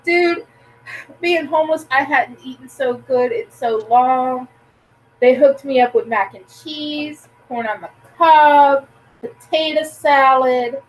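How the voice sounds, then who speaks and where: A woman's voice: sits high, slow, rough recording. A woman chatting casually, telling a blunt, crude story and acting out the dialogue. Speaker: podcast co-host. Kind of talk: casual chat.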